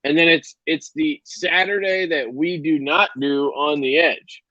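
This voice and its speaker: A man's voice: fairly high pitch, unhurried, bright, forceful tone, no room sound, muffled recording. A man hosting a casual live stream and signing off, loose and profane, with plenty of ums and restarts.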